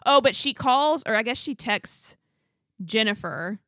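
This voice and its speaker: A woman's voice: fairly high pitch, measured pace, no room sound, clean studio sound. A woman co-hosting a podcast, chatting casually about reality TV, laughing often and acting out what people said. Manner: chatty, quotes people in animated put-on voices, laughs often. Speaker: podcast co-host. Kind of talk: casual chat recapping reality TV.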